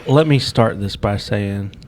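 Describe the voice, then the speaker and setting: A man co-hosting a podcast, telling a story in casual chat and acting out the lines he yelled. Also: fairly low pitch, a little slow. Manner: animated storyteller acting out his own yelling. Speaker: podcast co-host.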